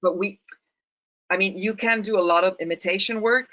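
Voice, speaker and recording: A woman's voice: medium pitch, brisk, sharp tone, rough recording. A middle-aged woman from Italy with an Italian accent, a guest actress talking thoughtfully and often restarting her sentences. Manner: thoughtful, many restarts and repeated words. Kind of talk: casual interview chat.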